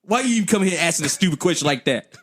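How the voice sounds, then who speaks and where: A man voicing his fed-up wife, a sassy adult woman who scolds him in quick, indignant bursts. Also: high voice, lively intonation, fairly bright tone. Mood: scolding. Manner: scolding, exasperated. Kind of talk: comedic impression in podcast banter.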